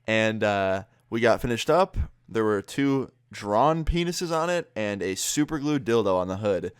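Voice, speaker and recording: A man's voice: lowish voice, expressive, measured pace, smooth, dry recording, studio quality. A young man recounting a prank story in a casual vlog, laid-back, swearing freely and laughing as he goes. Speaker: YouTuber.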